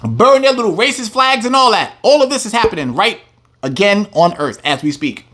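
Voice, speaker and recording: High, animated male preacher. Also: moderate pace. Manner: animated, emphatic, swings between reading and loud preaching. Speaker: religious teacher. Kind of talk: reading scripture with heated commentary.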